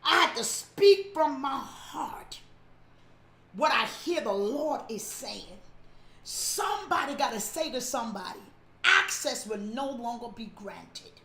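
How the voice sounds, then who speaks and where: Woman pastor, high voice, echoey room, repeats lines for emphasis and shouts the key points. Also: animated, takes it slowly. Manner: preaching with emphatic repetition. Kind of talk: sermon.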